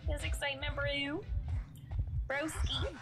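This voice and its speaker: Woman duo partner, high voice, joking banter, music over her. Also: steady tone, slow. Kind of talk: casual gaming chat.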